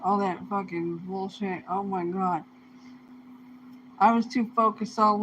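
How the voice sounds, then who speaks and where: A woman's voice: mid-range voice, steady tone, slow, pauses often, fairly bright tone, slight background noise, rough recording. A young woman talking to camera in a rambling, casual monologue, swearing heavily in loose, slangy speech. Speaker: vlogger.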